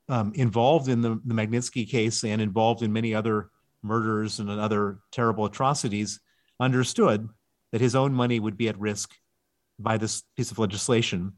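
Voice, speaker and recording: A man's voice: fairly low pitch, moderate pace. A man speaking as an author guest in an interview, explaining emphatically and stressing key words. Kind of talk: interview answers.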